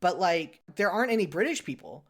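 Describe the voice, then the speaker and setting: A podcast co-host chatting casually at a mid-range pitch. The delivery rambles, full of "like" and restarts, and keeps correcting itself mid-sentence. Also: very animated, fairly quick. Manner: rambling, filler-heavy, frequent "like" and self-corrections. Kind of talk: casual chat.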